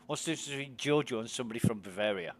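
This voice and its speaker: A British man with a mid-range voice chats very fast while streaming a game, curious and full of questions for his friends.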